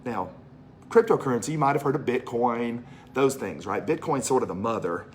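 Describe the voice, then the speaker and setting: A man with a Southern accent pitching an opportunity to a crowd, his voice rising and falling a lot as he tells stories. He sits in the middle range for pitch and leans on repeated phrases to drive points home. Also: animated, normal speed, slight background noise. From Mississippi, US. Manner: chatty storytelling, repeats phrases for emphasis. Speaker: presenter of a business opportunity. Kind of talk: animated sales pitch to a live audience.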